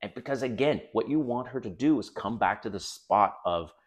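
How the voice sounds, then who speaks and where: With a lowish voice, lively intonation, and normal speed, a middle-aged man hosts a dating advice video. He's blunt and casual to camera, curses from time to time, and calls viewers guys.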